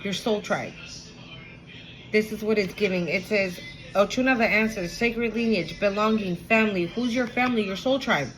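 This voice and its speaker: A woman's voice: medium pitch, normal speed, fairly bright tone, a little hiss or hum, low-quality recording. A woman giving a casual, emotional spiritual card reading to her viewers, repeating herself and swearing now and then. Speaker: tarot reader.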